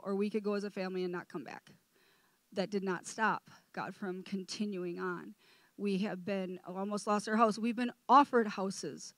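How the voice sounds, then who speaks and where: A middle-aged woman preaching her testimony, impassioned, sometimes rising to near shouting. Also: mid-range voice, no echo. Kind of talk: testimony sermon. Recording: music playing behind.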